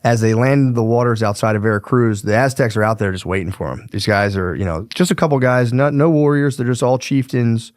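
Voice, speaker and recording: This podcast host is a young man who retells history casually, swearing, using slang, and rambling with plenty of fillers. He talks at medium pitch, briskly, with hardly any pauses, and the audio is clean studio sound without room ambience.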